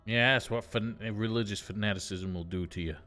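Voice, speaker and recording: A man's voice: fairly low pitch, a little fast, bright, forceful tone, faint music behind. A man streaming a game, rambling casually with wry asides. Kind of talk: casual gameplay commentary.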